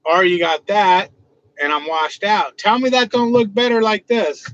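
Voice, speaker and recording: A man's voice: sits high, steady tone, unhurried, fairly bright tone, muffled recording, a little hiss or hum. A man hosting a casual livestream from inside his truck, joking loosely and answering his chat. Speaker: livestream host.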